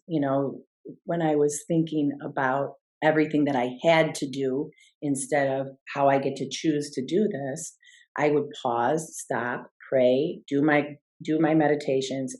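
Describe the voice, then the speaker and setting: A middle-aged woman with a notably low voice, speaking as a guest about her own experiences. She is earnest and reflective, and often restarts her sentences as she works through a thought. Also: darkish tone. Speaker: guest, life coach. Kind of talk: personal storytelling interview.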